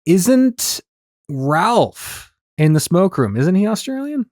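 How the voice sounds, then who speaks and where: Man, podcast host, casual chat, somewhat high voice, dry sound. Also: sing-song, takes it slowly, a little mellow, no room sound.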